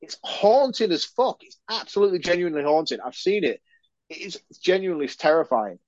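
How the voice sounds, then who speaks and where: A man co-hosting a podcast in casual chat, animated and sweary, laughing often. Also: sits high, a little fast, no echo. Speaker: podcast co-host. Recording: dry, dull lo-fi sound.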